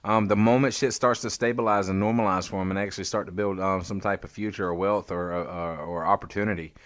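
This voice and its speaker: Male podcast host; quick, profane, emphatic delivery; dry recording. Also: deep voice, fairly even intonation, no room sound. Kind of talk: casual podcast chat.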